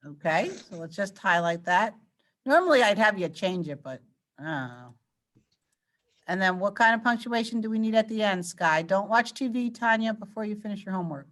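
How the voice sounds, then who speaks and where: A woman's voice: medium pitch, animated, normal speed, fairly bright tone. A woman teacher leading an online grammar lesson, patiently quizzing her students and walking them through each answer. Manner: patient, coaxing questions to students.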